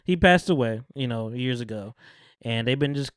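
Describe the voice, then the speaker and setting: A man's voice: medium pitch, lively intonation, moderate pace, no echo, studio quality. A man hosting a podcast, animatedly retelling a TV episode, swearing freely and laughing often. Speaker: podcast host. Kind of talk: casual chat, retelling a TV episode.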